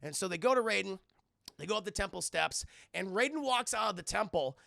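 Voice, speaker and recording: A man streaming a live film review, recapping scenes sarcastically for his chat with swearing and quick mock impressions of the characters. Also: high-pitched, creaky, dry recording. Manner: sarcastic, animated retelling with profanity.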